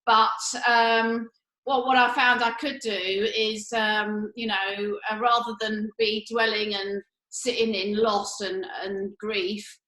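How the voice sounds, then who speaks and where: A woman's voice: mid-range voice, little pitch movement, slow pace, bright, forceful tone. A woman co-hosting a casual chat, talking in a breezy, upbeat way with lots of fillers. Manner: breezy, upbeat, full of fillers and bursts of laughter. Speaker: co-host. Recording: echoey room.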